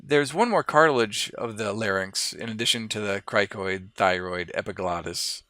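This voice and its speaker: A man lecturing on anatomy over lab models, his voice bright and forward on a somewhat low pitch. He explains in a relaxed, loose way, pausing on fillers and restarting phrases, recorded close and dry with little room sound. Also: no echo. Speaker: anatomy instructor.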